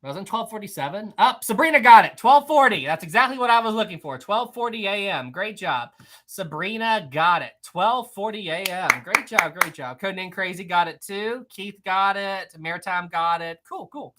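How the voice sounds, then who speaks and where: Bright, upbeat trivia quiz host. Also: medium pitch, expressive, moderate pace. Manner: upbeat, laughs often, repeats praise and questions. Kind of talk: casual live-stream chat reading answers from viewers.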